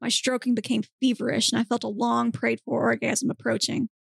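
A woman hosting a podcast, reading a comic erotic story aloud in a steady, deadpan manner. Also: fairly high pitch, brisk, gravelly, slightly rough, no room sound, studio quality. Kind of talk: dramatic reading of erotic fiction.

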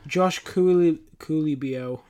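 A podcast co-host with a slightly high, somewhat mellow voice talks slowly as he jokes his way through fight picks. The chat is casual and rambling, and he laughs often.

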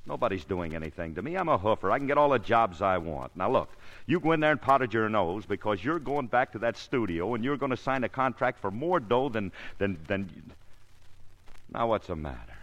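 An actor playing a brash young male dancer who talks in quick, wisecracking slang, in 1940s radio acting. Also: fairly low pitch, sing-song, fairly bright tone, dull audio.

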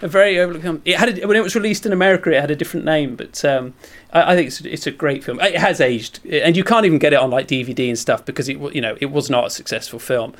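A man from Britain talks fast in a slightly raised register, winding through an anecdote with restarts and self-deprecating asides. His delivery is casual and chatty. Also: on the high side, a bit bright. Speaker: sports journalist and guest. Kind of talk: casual chat, storytelling.

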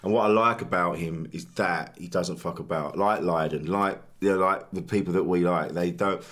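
A man's voice: deep voice, fairly even intonation, moderate pace, a bit bright. A man hosting a podcast, chatting casually, agreeing eagerly and swearing freely. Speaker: podcast host. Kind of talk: casual chat.

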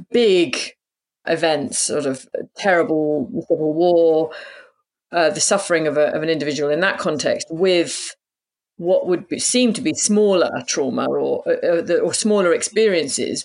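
Male literary interviewer, searching and hesitant. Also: on the high side. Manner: hesitant, searching for words, many restarts. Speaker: podcast interviewer.

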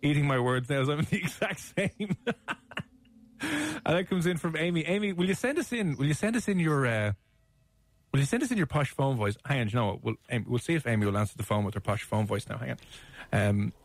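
A man's voice: on the high side, lively intonation, a little fast, no room sound. An Irish man hosting a radio show, chatting casually in a jokey, teasing way and laughing easily. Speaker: radio host. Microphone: studio mic.

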